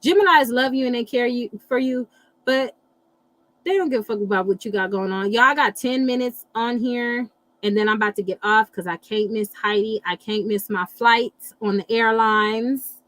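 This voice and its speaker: A middle-aged woman hosting a casual live chat, animated and blunt, swearing freely and reacting to viewer comments. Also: on the high side, moderate pace, no echo, rough recording. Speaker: livestream host reading astrology.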